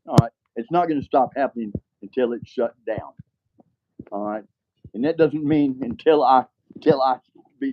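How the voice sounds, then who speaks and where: A man's voice: mid-range voice, darkish tone, highs cut off, a little hiss or hum. An older man talks casually to the camera in a rambling, frustrated way, often tossing in "all right". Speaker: vlogger.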